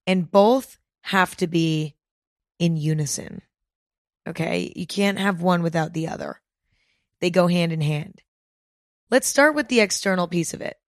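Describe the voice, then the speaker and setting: A woman's voice: fairly low pitch, unhurried, pauses often, no echo, studio quality. A woman hosting a self-help podcast, talking straight to listeners in a direct, coaching way and often checking in with them. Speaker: podcast host.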